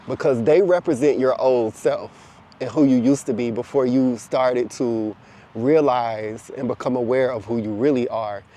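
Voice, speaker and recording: Mellow man giving casual spiritual talk. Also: mid-range voice. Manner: animated storytelling, acting out quoted voices, casual swearing. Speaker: spiritual content creator.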